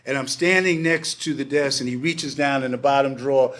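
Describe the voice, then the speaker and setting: A man in his sixties telling a personal story to a live audience at a packed bar, animated, acting out voices and swearing casually. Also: medium pitch, moderate pace, slight background noise. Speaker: panel speaker. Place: packed bar event space.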